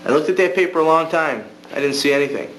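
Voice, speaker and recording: A man's voice: a little high, a bit bright. Young man telling a wistful monologue. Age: young adult. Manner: halting, wistful storytelling with restarts. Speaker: student performing a monologue. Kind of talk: amateur acted monologue. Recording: echoey room with faint hum.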